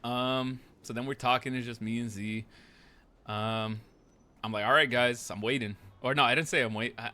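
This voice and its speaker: During a roleplay game, a man with a bright, forceful, mid-range voice recounts events in character. He rambles, swears freely, and acts out what others said.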